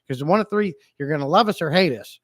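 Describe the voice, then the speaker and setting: A man chatting casually on a fish-keeping livestream, reading comments and joking around, a bit low on energy. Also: animated, quick pace, dry recording, studio quality. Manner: playful, rambling, jokey with chat. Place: home fish room.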